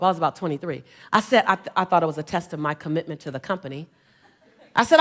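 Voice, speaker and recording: Animated, rousing woman motivational speaker. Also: mid-range voice, quick pace. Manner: animated storytelling with call-and-response; rousing, emphatic exhortation. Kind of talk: stage motivational talk. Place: on stage before a large audience.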